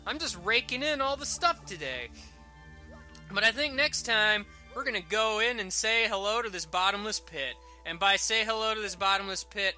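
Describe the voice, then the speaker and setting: Jokey let's play host, very bright tone, lively swings in pitch. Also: male voice. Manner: rambling, jokey, self-mocking. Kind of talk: casual gameplay commentary.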